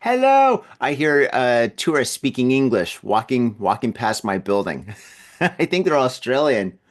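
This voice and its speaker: A man's voice: mid-range voice, animated, unhurried. A man hosting a casual podcast from home, rambling and chatty, often repeating words as he talks. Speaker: podcast host.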